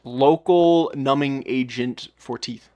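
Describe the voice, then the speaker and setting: A man's voice: medium pitch, takes it slowly, mellow. A young man live-streaming as he solders at a workbench, chatting casually with his viewers, rambling, swearing and laughing at himself, often turning away from the mic while he works. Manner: talks to chat while working, often turned away from the mic. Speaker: livestreamer.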